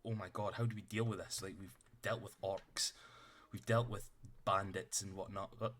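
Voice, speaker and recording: A man's voice: low-pitched, level tone, normal speed, fairly bright tone, slight background noise. A man running a tabletop game as game master, narrating loosely with lots of fillers and casual swearing.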